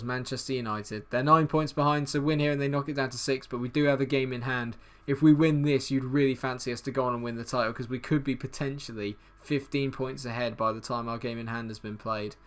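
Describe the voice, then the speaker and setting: A young man, commenting excitedly on his football video game and shouting at the screen. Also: mid-range voice, fast talker, hardly any pauses. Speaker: gaming YouTuber.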